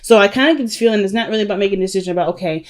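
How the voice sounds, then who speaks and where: A woman's voice: mid-range voice, racing. A woman giving a casual tarot reading to her viewers, chatty and emphatic, often saying "you know" and "right?". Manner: addresses viewers as "family" and "y'all". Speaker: tarot reader.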